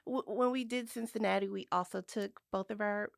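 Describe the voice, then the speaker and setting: A woman's voice: medium pitch, fairly even intonation, moderate pace, vocal fry, no echo, clean studio sound. A woman in her thirties, a podcast guest, chatting upbeat and talkative about family trips. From United States. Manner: chatty, upbeat, with laughs and restarts. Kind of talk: casual chat.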